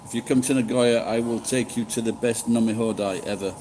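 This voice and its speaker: A man's voice: mid-range voice, steady tone, fairly quick, darkish tone, slight background noise, low-quality recording. A middle-aged man chatting casually with live-stream viewers, rambling and swearing freely. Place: living in Japan.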